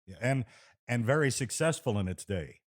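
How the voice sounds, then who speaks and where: A man hosting an interview about radio, asking questions in a halting way with stammered restarts. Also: mid-range voice, animated. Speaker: interview host. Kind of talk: casual interview talk.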